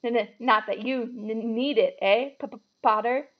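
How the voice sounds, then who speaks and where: A man's voice: very high-pitched, steady tone, slow pace, muffled recording, exaggerated voice. A woman reading aloud and voicing a pale, nervous young male teacher who stammers heavily and sounds timid. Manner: heavy stammer, jittery and timid.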